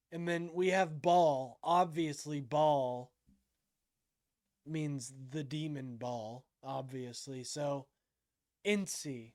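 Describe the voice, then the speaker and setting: A man hosting a live stream, reacting to a clip with incredulous, mocking remarks and thinking aloud. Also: a little high. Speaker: livestream host.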